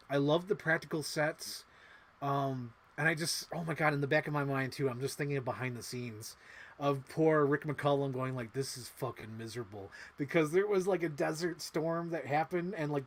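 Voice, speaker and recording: A man hosting a casual livestream, rambling excitedly and swearing often, acting out little movie quotes as he talks. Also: a little high. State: emotional. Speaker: livestream host.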